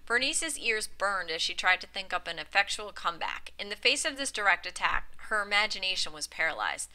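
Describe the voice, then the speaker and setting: A woman reads a classic short story aloud in a very bright, sharp-edged voice. She narrates at an even middle pitch, now and then stumbling and restarting a phrase, and lifts her tone for the quoted speech. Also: a little fast, hardly any pauses, low-quality recording. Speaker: reader. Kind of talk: audiobook narration.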